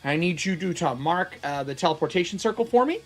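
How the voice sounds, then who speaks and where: A man's voice: high-pitched, animated, a little fast, soft background music. A man voicing a pushy, short-tempered male cartographer adventurer who talks curtly and swears. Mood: demanding. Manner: curt, profane, demanding.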